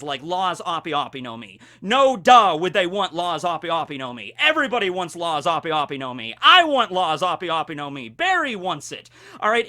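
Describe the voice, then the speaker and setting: High, bright-voiced man in his forties. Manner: animated and jokey, with many fillers. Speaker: YouTube host. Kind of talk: casual fan commentary.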